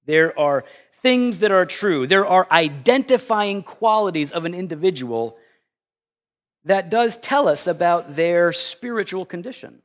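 A middle-aged male pastor giving a conversational sermon, telling stories in an animated, self-deprecating way. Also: high voice, measured pace.

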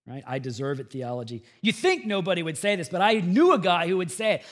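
A middle-aged man preaching a sermon as pastor of a church, shifting from hushed, earnest tones to loud, emphatic bursts. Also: fairly high pitch, expressive, a little fast, hardly any pauses.

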